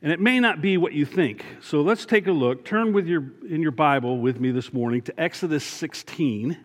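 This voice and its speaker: A man's voice: a little high, moderate pace. A man serving as a church elder, giving an earnest sermon and repeating his key points for emphasis. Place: church sanctuary. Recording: long church reverb.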